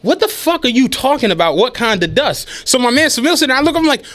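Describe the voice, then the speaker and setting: A young man telling a story in a profane, animated casual chat on a podcast, laughing often. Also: very high-pitched, brisk, hardly any pauses. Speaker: podcast host.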